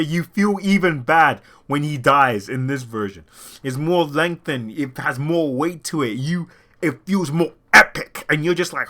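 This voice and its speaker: A young man rambling excitedly about a movie in an unscripted rant, swearing a lot, his throat sore from talking. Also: fairly high pitch. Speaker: movie vlogger.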